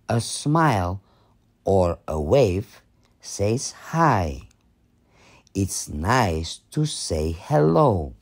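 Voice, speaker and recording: Slow husky man reading kids' books. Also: fairly low pitch, sing-song. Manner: slow, sing-song read-aloud delivery. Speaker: reader of children's books. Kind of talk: reading picture books aloud for kindergarten.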